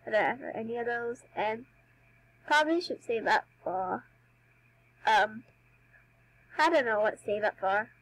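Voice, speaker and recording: Pausing at length and speaking at a measured pace, a young woman plays a dance game for her YouTube channel and chats casually in a giggly, self-deprecating way. She's a bit under the weather and coughs. Her voice is on the high side and fairly bright, on a low-quality recording.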